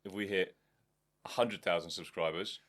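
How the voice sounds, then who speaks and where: A man's voice: deep voice, fairly even intonation, moderate pace, a bit bright. A young man co-hosting a podcast, chatting casually with dry, teasing banter and the odd swear word. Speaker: podcast co-host. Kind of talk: casual chat.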